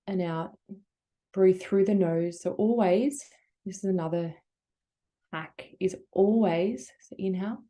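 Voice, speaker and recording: An Australian woman leading a breathing workshop as a yoga teacher, guiding gently and encouragingly in a casual, chatty way. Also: medium pitch, a little slow, pauses often. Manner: gentle, encouraging, casual filler-heavy guidance.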